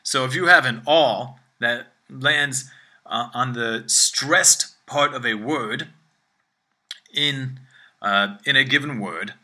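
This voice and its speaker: Man, language teacher, very bright voice, explains at length and keeps checking in with the listener. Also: mid-range voice, takes it slowly. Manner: explanatory, frequent "all right?" check-ins. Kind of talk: video language lesson. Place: room with phone ringing behind.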